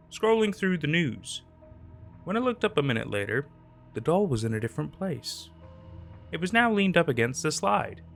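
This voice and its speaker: A man's voice: a little high, fairly bright tone. A man narrating a scary story in a dramatic, tense scripted style over faint background music.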